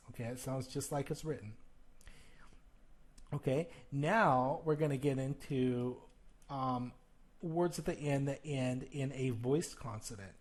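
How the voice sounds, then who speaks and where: This man has a medium-pitched, darkish voice. He's a teacher walking viewers through plural sounds on video, addressing them directly, checking in with "okay?" and overdoing each demonstrated sound while paging through a textbook.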